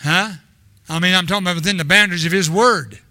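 Older man, sermon, rambling stories with restarts, bright tense tone. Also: high-pitched, quick pace, no echo. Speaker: preacher.

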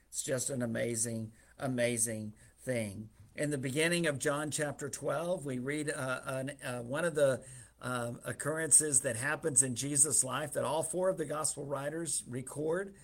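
Folksy male preacher with gravelly tone. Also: medium pitch. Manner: conversational, folksy, with light humor. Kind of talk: sermon on scripture.

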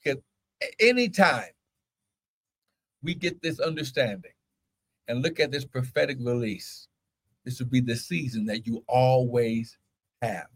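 A pastor preaching a fervent sermon, shouting scripture and breaking into exclamations between verses. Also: male voice, medium pitch, unhurried, long pauses, breathy edge.

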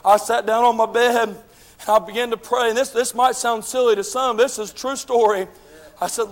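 A man preaching a sermon, telling folksy stories and building to shouted preaching. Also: very high voice, fairly even intonation, normal speed, in a large hall. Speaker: pastor. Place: church sanctuary.

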